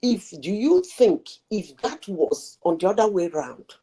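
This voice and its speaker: A middle-aged woman hosts a live talk show. Her voice is low, dark and gravelly, with a husky edge. She speaks slowly and pushes her point with rhetorical questions. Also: sing-song, rough recording. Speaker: host.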